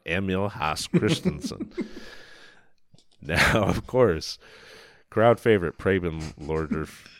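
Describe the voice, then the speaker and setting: A man's voice: lowish voice, dry recording. A man co-hosting a film podcast, chatting casually with enthusiasm and some swearing. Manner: enthusiastic, profane, rambling. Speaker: podcast co-host.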